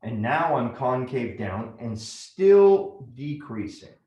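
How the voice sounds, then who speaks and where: A man's voice: medium pitch, sing-song, takes it slowly, dark tone, echoey room. A man teaching a math lesson step by step, often checking in with "right?".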